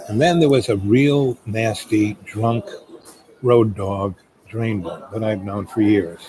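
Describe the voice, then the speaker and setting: Speaking slowly in a warm, lowish voice, a middle-aged man wanders through a casual story, peppered with "um" and "you know." The recording is low quality, and a crowd chatters in the background.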